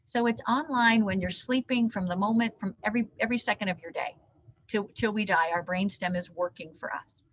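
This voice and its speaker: A woman trainer giving an animated live training talk to caregivers, teaching with hand gestures. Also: medium pitch, fairly quick, slight background noise. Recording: dull lo-fi sound.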